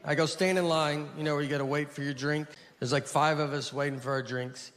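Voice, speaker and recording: Deadpan stand-up comic in a reverberant hall. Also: male voice, fairly high pitch, brisk. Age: 40s. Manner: deadpan, rambling, self-deprecating. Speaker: stand-up comedian. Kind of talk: stand-up storytelling. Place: theater stage with laughing audience. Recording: reverberant live hall with audience noise.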